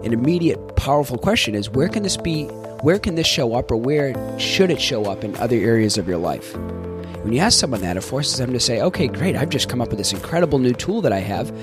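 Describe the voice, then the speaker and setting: A man's voice: mid-range voice, very animated, a little fast. Man explaining coaching, music underneath. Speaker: life coach and podcast host. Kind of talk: coaching podcast talk.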